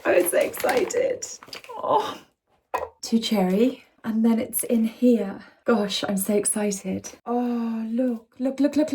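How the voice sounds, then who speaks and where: A woman vlogging casually at home, gushing and excitable, often dropping into soft whispers. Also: medium pitch. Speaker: lifestyle vlogger. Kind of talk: casual chat to camera. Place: home indoors.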